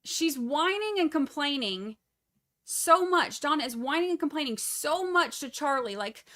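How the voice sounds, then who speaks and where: Bright-voiced woman giving sarcastic commentary. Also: high voice, unhurried. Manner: animated, sarcastic, mocking impressions. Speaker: true crime commentator. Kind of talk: casual livestream commentary.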